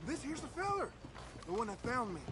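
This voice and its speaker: An actor playing an excitable, newly pious townsman in a video game, earnest and preachy. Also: extremely high pitch, fairly quick, noisy background.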